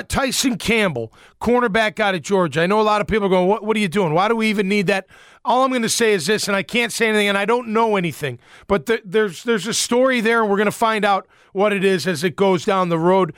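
A man with a high voice delivers a blunt, worked-up sports rant. He repeats his points and vents with force. The sound is dry and close, with no room around it. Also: a little fast, few pauses, a bit bright, no room sound. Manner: blunt, heated, repetitive. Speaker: sports commentator.

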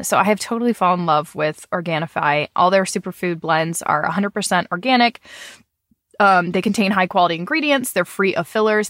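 A woman's voice: medium pitch, fairly bright tone, no room sound. A woman in her thirties chats easily as a podcast host, her voice slightly nasal from a cold and full of casual fillers. The recording is close and dry, with no room sound. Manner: chatty, with fillers and light laughs. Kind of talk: casual podcast chat with a sponsor read.

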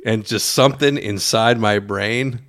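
Gravelly low-voiced man telling a story. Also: measured pace. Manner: lively storyteller, acts out quotes. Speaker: podcast co-host. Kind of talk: casual chat. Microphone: studio mic in an office.

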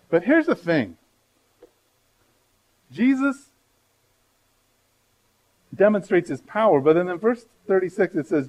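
A man's voice: high voice, rough recording. A male pastor preaching a sermon to a church congregation in a conversational, emphatic way with rhetorical asides. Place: church sanctuary before a congregation.

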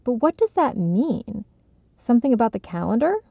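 A woman's voice: a little high, very animated, moderate pace, gravelly, no room sound, pitched above the performer's own voice, exaggerated voice. A woman voicing a chatty young woman who hesitates and apologizes, in a storybook reading. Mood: puzzled. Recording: slightly dull, dry recording.

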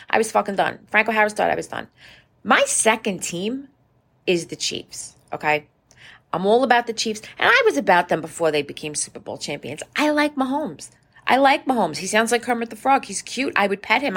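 Profane ranting woman with gravelly voice. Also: medium pitch. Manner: profane, animated, sarcastic. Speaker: podcast host. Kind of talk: casual ranting monologue.

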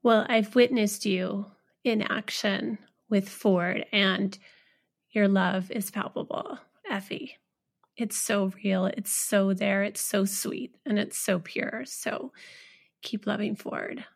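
A woman hosting a podcast interview, asking gentle, heartfelt questions. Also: medium pitch, steady tone, slow, vocal fry. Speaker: podcast host.

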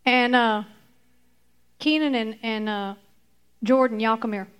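High-voiced woman teaching kids Bible story. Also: slow, clean tone. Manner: lively, animated storytelling with fillers. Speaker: children's church teacher.

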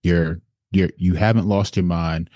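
A man's voice: low voice, fairly even intonation, measured pace, warm tone, no echo. A man who works as an assistant principal, talking as a podcast guest in an earnest, encouraging way. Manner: earnest, encouraging, speaks in lists. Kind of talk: casual interview conversation.

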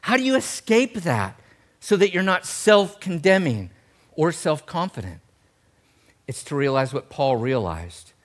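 A middle-aged male pastor preaching a sermon in an animated, humorous way, swinging between loud emphasis and soft tender passages. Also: fairly high pitch, a little slow.

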